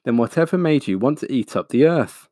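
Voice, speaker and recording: A man voicing a calm, resolute male iron giant who speaks in a firm, measured way. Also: medium pitch, no echo, clean studio sound, voice pushed up, close to an everyday voice. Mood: questioning.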